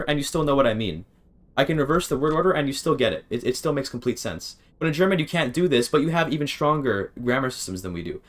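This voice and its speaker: A man streaming a game, rambling and thinking aloud, often interrupting himself and swearing casually. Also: mid-range voice. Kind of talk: casual gaming stream chat.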